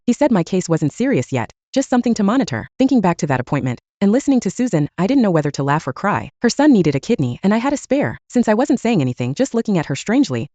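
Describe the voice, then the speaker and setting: A woman's voice: medium pitch, big pitch swings, fast, few pauses, warm tone, no room sound. A young adult woman narrating her own story in the first person, blunt and wry.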